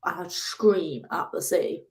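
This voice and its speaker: A young woman, a guest telling a lively personal story in a casual interview, now and then acting out her own angry shouts. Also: slow. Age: 20s. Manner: animated, acts out her own angry outbursts in a higher voice. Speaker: guest, ocean rower.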